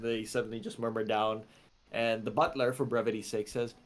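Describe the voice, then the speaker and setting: Guy running a tabletop game, chill rambly narration, middle pitch. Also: a little fast. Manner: relaxed, loose narration with fillers. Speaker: game master.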